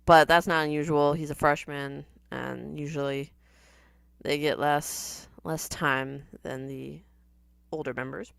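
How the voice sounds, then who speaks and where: A woman with a low, smooth voice talks through a TV episode in casual reaction commentary. She is sardonic and chatty, laughing often. The sound is close and dry. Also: fairly even intonation, slow, no room sound.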